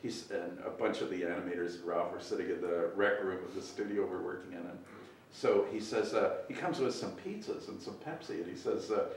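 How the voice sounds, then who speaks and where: A man, an animator, telling a casual anecdote in an animated way and laughing often, recorded from a distant mic. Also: low-pitched, a little fast, heavy reverb, slight background noise.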